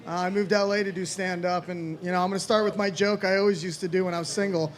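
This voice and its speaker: A man's voice: high-pitched, steady tone, fast. A man in his thirties from Florida doing a rambling, self-deprecating stand-up set, swearing freely. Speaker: stand-up comedian.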